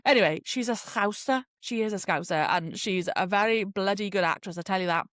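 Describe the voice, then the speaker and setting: A woman's voice: medium pitch, fast, fairly bright tone, dry recording. Woman, young, solo podcast host; rambling, filler-heavy chat, dry close sound. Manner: chatty and rambling, full of "like" fillers.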